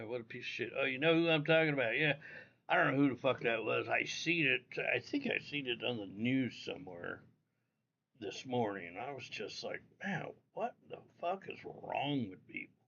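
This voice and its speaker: A man's voice: medium pitch, gravelly, fairly bright tone, a little hiss or hum. A man hosting a casual livestream, rambling and cursing freely as he talks straight to his viewers from home. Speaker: livestream host. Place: indoors at home. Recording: dull lo-fi audio.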